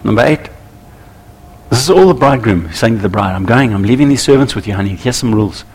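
A man preaching a sermon to church leaders, animated and acting out little scenes with voices. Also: lowish voice, fast talker, slightly rough. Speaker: pastor.

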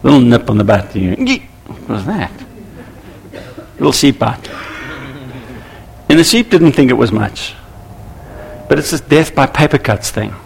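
A man preaching a sermon to church leaders, animated and acting out little scenes with voices. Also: medium pitch, a little slow, vocal fry, pauses often, a little hiss or hum. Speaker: pastor.

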